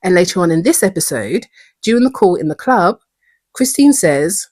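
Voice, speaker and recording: Calm husky-voiced woman host. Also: lowish voice, normal speed, no room sound. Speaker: video essay host. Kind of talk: scripted episode breakdown.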